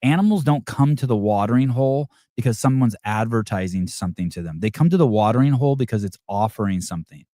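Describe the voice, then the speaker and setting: A man's voice: medium pitch, expressive, quick pace, hardly any pauses, mellow, no room sound, clean studio sound. A man hosting a podcast in casual talk, reacting to viewer comments in a blunt, profane and rambling way. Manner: rambling, self-interrupting delivery. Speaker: podcast host.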